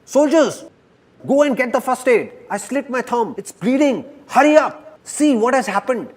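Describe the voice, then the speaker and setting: A hot-tempered king yelps his orders in a high, strained voice, and his pitch swings wildly from line to line. A man acts him out in a story told to a crowd. He sounds frantic and quick to panic. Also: sing-song, a little mellow, breathy edge, full character voice. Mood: panicked.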